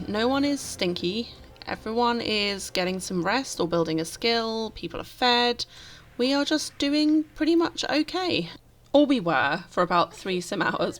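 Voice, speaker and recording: Woman with a gravelly, fry-tinged voice. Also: mid-range voice. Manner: expressive, exasperated, dramatic outbursts. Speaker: gameplay commentator. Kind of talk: casual let's-play commentary.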